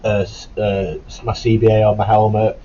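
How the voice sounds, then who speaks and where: A former Marine recruit telling a casual, rambling story to camera, with a sore, cough-prone throat and a sweary, self-correcting way of talking. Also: male voice, on the low side, level tone, moderate pace, mellow, dull audio, a little hiss or hum.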